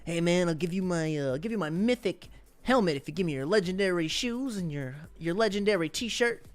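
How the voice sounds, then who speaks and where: A man's voice: sits high, expressive, a little fast. A man with a New York accent voicing an imagined player bartering over gear in a video game, in an offhand way.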